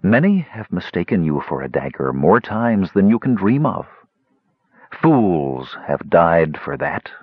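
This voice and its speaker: A man's voice: low voice, big pitch swings, unhurried, breathy edge, no room sound, phone-quality sound, pitched below the performer's own voice, heavily acted. A man voicing a cold, contemptuous female spirit in an audiobook, with a purring, scornful delivery. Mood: cold contempt.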